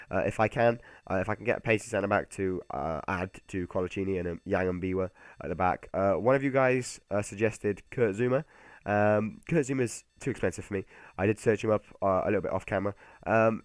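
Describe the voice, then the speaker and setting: A young man chats through his football video game session at a brisk clip, stumbling over restarts and fillers as he goes. His voice sits low, and the recording is dry and close with no room sound. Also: dry recording. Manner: rambling, many fillers and restarts. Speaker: gaming YouTuber. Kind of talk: casual game commentary.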